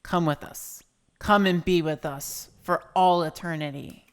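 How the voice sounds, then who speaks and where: A woman voicing an eerie, seductive female sea slug queen who talks in a slow, coaxing way. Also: lowish voice, fairly even intonation, clear, resonant tone, close to an everyday voice.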